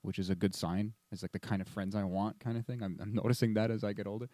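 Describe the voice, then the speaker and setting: A man's voice: fairly low pitch, level tone, fast, mellow, no echo. A man hosting a casual chat, asking questions and tossing in joking asides.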